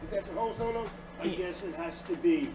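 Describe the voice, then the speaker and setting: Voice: mid-range voice, brisk, a crowd in the background, natural voice. A sketch comedy performer playing a bickering band member. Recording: roomy, distant, with loud music.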